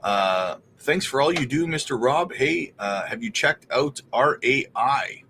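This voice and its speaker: A man of ordinary middle pitch hosts a relaxed livestream, talking in a loose, chatty way. He keeps calling out viewers by name and laughs easily between remarks. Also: unhurried, a little hiss or hum. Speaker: crypto livestream host. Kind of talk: casual livestream chat.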